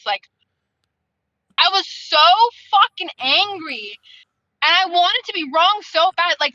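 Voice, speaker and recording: A woman's voice: very high-pitched, sharp tone, dry recording, lo-fi sound. A woman in a casual book club chat on a video call, venting in a heated, profane, rambling way.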